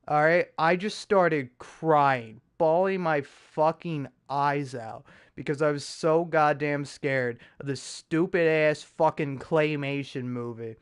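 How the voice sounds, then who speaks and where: Young male podcast host, casual chat, swearing and self-mocking, slightly high, smooth voice. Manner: rambling, profane, self-mocking storytelling with frequent restarts.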